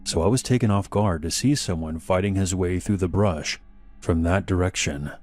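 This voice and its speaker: A man narrating an animated horror story in a measured, slow storytelling manner. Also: deep voice. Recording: faint background music.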